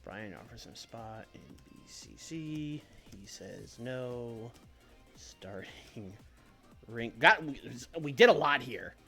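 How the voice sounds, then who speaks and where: A man's voice: mid-range voice, animated, slow pace, gravelly, pushed and bright, faint music behind. A young adult man streaming, chatting playfully about a wrestling booking game. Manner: playful, storytelling. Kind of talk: casual game commentary.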